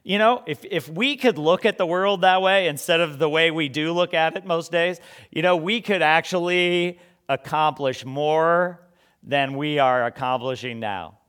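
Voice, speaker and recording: Man, preacher, sermon, rhetorical questions, frequent restarts, slightly higher pitch. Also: fairly bright tone.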